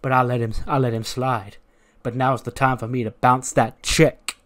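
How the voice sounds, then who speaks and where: A man's voice: medium pitch, little pitch movement, normal speed, lightly acted. A man doing a cocky trash-talking wrestler. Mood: swaggering. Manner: swaggering, loud bragging.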